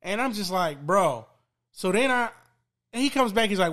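High-voiced man swearing through a story. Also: normal speed. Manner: profane, animated storyteller. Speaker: podcast co-host telling a story. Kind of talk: casual chat.

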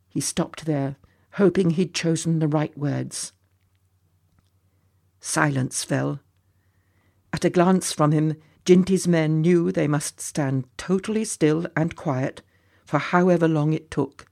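A man reading a story aloud as narrator in a measured, expressive way. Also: a little high, gravelly.

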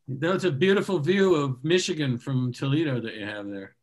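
A man hosting an open mic comedy night, introducing the next act in a rambling, halting, self-deprecating way. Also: medium pitch. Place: comedy club stage.

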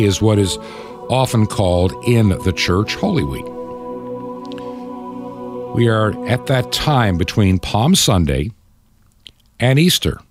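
An older man from the United States hosting Christian talk radio, with impassioned, preachy commentary. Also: fairly low pitch. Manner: impassioned, preachy, mocks opponents in quoted voices. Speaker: radio talk show host.

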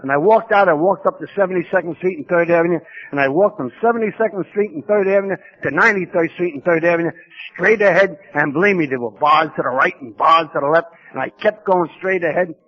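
A man from New York with a fairly high voice tells his personal story at a recovery conference in a gritty, streetwise, rapid-fire style. The audio is from a lo-fi 1990s conference tape.

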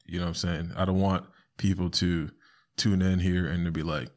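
A man hosting a podcast alone, talking casually and animatedly, often jumping into high squeaky voices to quote people. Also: steady tone, a little fast. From South Florida. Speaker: podcast host. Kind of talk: casual solo podcast commentary.

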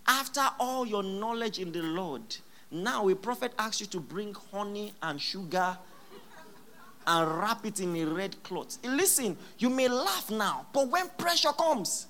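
A pastor preaching a sermon in church, emphatic and repeating key phrases, with sudden loud exclamations. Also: mid-range voice, sing-song, a little slow.

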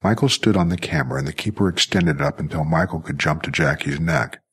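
A man reading a story aloud in a measured audiobook style. His voice sits very low and husky, with a steady and unhurried delivery. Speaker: narrator. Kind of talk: audiobook narration.

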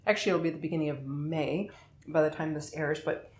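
A woman's voice: low-pitched, brisk, echoey room, a little hiss or hum. A middle-aged woman hosting a podcast in casual chat, talking between bites and poking fun at herself. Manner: chatty and self-deprecating, talking between bites. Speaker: podcast host. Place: home kitchen.

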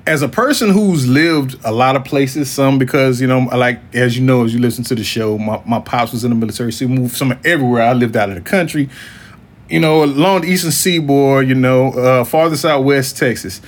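A man's voice: mid-range voice, brisk. A man hosting a casual podcast chat, talking bluntly and profanely in a rambling way, with restarts and laughs. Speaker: podcast host.

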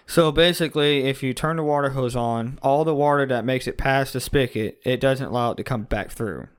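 Working guy swapping shop stories, swears a ton, says dude a lot, middle-pitched voice. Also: brisk, clean tone. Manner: animated storyteller, heavy swearing, says "dude" often. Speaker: forklift mechanic. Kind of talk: casual profane chat.

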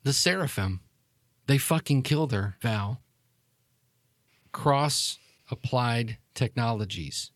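A man's voice: medium pitch, lively intonation, slow, long pauses, fairly bright tone, dry recording. A man voicing a woman who is the long-lost sister, glib and bitter, talking casually and swearing.

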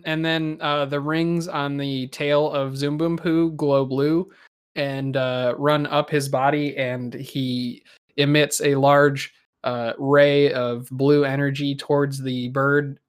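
A man improvising a silly adventure story in casual chat, halting and searching for words. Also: a little high, little pitch movement, clean tone.

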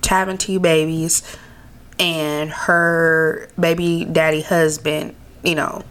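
A woman's voice: low-pitched, flat delivery, slow, fairly bright tone, smooth. A woman from the West Coast co-hosting a podcast, telling stories in a candid, profane, laughing way. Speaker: podcast co-host. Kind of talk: casual chat.

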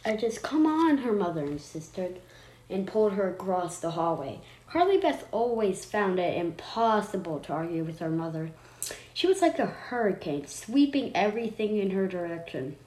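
A woman's voice: lowish voice, expressive, moderate pace, a little mellow. A woman reading a horror story aloud, unpolished, stopping to correct herself. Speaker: story reader. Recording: roomy echo, faint noise.

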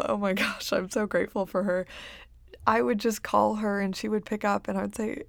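A young woman talks earnestly into a close mic in a casual faith podcast intro, her voice slipping into a gravelly fry as she trails off. She fills pauses with ums and little laughs. The recording is dry and close, with no room sound. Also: mid-range voice, fairly even intonation, no room sound. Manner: earnest, many ums, laughs softly between thoughts. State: getting choked up. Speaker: podcast host and career coach. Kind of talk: casual heartfelt monologue.

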